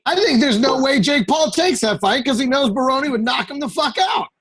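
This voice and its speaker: A man's voice: extremely high pitch, expressive, a little fast, fairly bright tone, breathy edge. A man giving blunt, profane opinions as a podcast guest.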